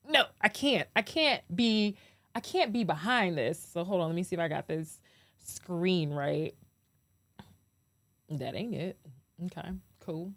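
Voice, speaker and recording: A woman hosting a podcast, ranting casually to her viewers, animated, laughing often and swearing freely. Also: fairly low pitch, measured pace, long pauses, no echo. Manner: talks straight to viewers as "y'all". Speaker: podcast host. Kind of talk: casual opinion rant to camera.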